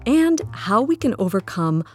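Expressive woman host, husky tone, soft music. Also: on the high side, a little slow. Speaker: podcast host. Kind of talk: scripted podcast intro.

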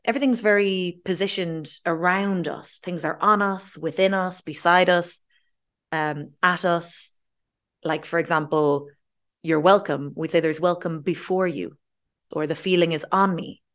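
Irish woman, language teacher, lively explainer, slightly low voice. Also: measured pace. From Ireland. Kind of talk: explaining in an interview.

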